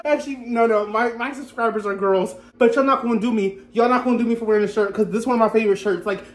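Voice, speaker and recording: A woman's voice: fairly high pitch, fast, few pauses. A young woman vlogging casually from her bedroom into a hand-held phone, sassy and slangy, laughing often. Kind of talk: casual chat to camera.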